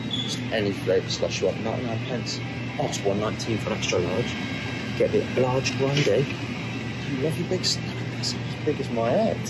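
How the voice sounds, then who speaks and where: A young man vlogging on a trip, excitable and swearing casually, filmed on a handheld camera. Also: mid-range voice. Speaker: travel vlogger. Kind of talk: casual vlog chat. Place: out and about on a city trip. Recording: noisy ambient background.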